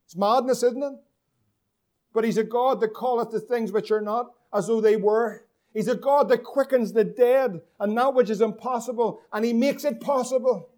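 A man's voice: very high voice, normal speed, a little mellow. A man from preaching a sermon as pastor, asking the congregation questions and drawing out key words for emphasis.

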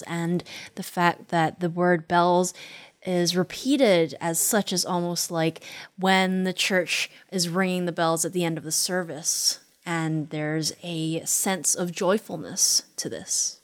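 A woman's voice: lowish voice, steady tone, slow, no room sound. A woman teaching a poem. She reads it aloud with rhythmic emphasis, lingering on repeated words, then explains its language. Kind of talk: dramatic poetry recitation and literary analysis.

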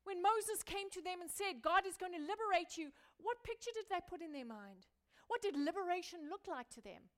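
Woman pastor, high voice, sermon, swings between forceful emphasis and hushed near-whisper, repetitive rhetorical build. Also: expressive, brisk, few pauses.

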